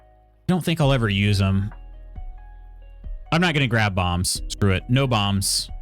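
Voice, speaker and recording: A man's voice: fairly low pitch, lively intonation, a little slow, faint music behind. A man streaming a video game live, chatting casually and thinking aloud with lots of fillers and questions to himself. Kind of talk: casual live-stream chat while playing.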